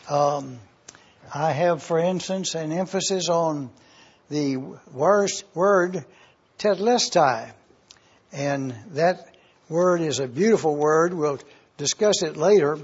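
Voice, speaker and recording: Brief: male preacher, husky, deliberate teaching delivery, dull lo-fi recording. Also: a little high, a little mellow. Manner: slow, deliberate, repeats points for review. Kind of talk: teaching sermon.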